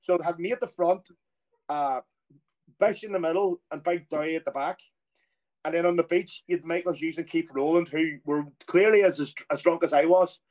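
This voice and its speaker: A middle-aged man with an Irish accent and a fairly high voice for a man, spinning a lively anecdote. He talks casually and throws himself into the quoted voices as the story rolls on. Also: moderate pace. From Ireland. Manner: animated storyteller who acts out quoted voices. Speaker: former footballer guest.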